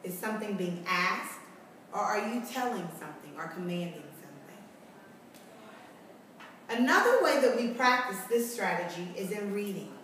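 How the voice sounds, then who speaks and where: Echoey distant kindergarten teacher. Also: female voice, mid-range voice, animated, fairly bright tone, a little hiss or hum. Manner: slow, clear teacherly explanation with rhetorical questions. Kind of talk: recorded tutorial lesson for parents and children.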